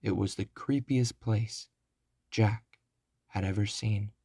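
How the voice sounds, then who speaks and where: Male narrator for a kids' chapter book, unhurried, dry close mic. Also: fairly low pitch, mellow, slightly rough, no echo. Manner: slow, deliberate. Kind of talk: children's storybook reading.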